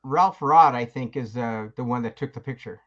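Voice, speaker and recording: A man's voice: mid-range voice, moderate pace, fairly bright tone, muffled recording. An older man, a veteran guest, telling rambling anecdotes in casual conversation and acting out what people said. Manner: rambling anecdotes, acts out quoted voices. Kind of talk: casual storytelling.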